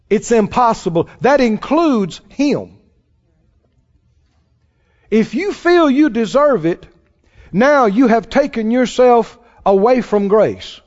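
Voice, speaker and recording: A man's voice: sits high, very animated, slow, pauses often, darkish tone. A man preaching a sermon in a folksy, emphatic way, acting out the people he quotes. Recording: dull sound with long hall reverb.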